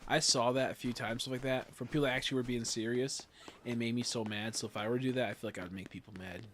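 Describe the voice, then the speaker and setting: A man's voice: medium pitch, steady tone, quick pace, a bit bright, slight background noise. A young man streaming a game, chatting casually, rambling, giggling often and swearing freely. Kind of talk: casual livestream chat while gaming.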